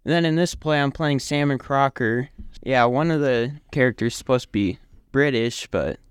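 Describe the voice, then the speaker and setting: A polite, modest fourteen-year-old boy talking about his stage role. His voice is smooth and clear, at a pitch close to an ordinary man's. The studio sound is dry and close. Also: normal speed, dry recording. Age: teen, fourteen. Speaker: stage actor. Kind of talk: casual interview chat.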